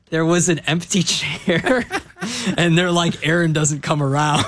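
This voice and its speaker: A man's voice: high voice, fairly bright tone, no echo. A man co-hosting a sports talk radio show in a studio, talking conversationally and repeating points for emphasis.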